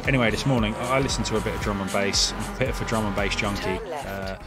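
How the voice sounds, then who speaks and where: Streamer in his thirties, chatty and sweary, lowish voice, loud game music behind. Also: quick pace. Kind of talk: casual live gameplay chat.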